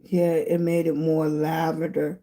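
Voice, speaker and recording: A woman's voice: deep voice, level tone, measured pace, warm tone. A middle-aged woman hosting a casual live stream, chatting with viewers and greeting them with pet names like baby and sweetie. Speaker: livestream host.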